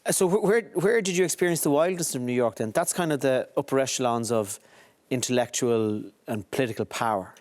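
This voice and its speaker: A man's voice: medium pitch, fairly quick, a little mellow. An Irish man hosting a talk show, asking short, encouraging questions. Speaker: host. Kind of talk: casual chat.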